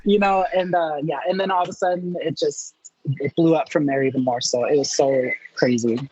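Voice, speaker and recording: A man being interviewed, telling a story in a chatty, animated way and acting out his own reactions in quotes. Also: on the high side, moderate pace, muffled recording, a little hiss or hum. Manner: chatty with many fillers and restarts. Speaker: interview guest.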